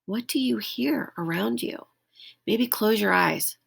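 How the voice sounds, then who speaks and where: A woman whose medium-pitched voice is husky with vocal fry reads a picture book to small children indoors at home. Slow and expressive, she stops now and then to ask them to make the animal noises.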